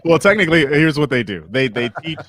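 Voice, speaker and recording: A man's voice: on the high side, lively intonation, fast, a bit bright, dry recording, clean studio sound. A man on a comedy podcast, listing his show dates hesitantly with lots of fillers and chuckles. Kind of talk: casual chat.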